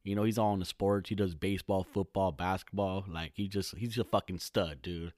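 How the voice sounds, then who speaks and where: A man's voice: low voice, fairly even intonation, fairly quick, a little mellow, no echo. Guy in his 30s from california rambling and cussing on his podcast, super dry close mic. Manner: rambling, profane, slangy. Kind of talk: casual monologue.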